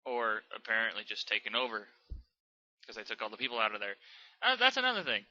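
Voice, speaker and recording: A man's voice: fairly low pitch, huge pitch swings, fast talker, bright, forceful tone, dull audio. A young man reading fanfiction aloud and then ranting about it, exasperated and sarcastic, swearing often. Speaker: channel host reviewing fanfiction. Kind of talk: dramatic reading and rant commentary.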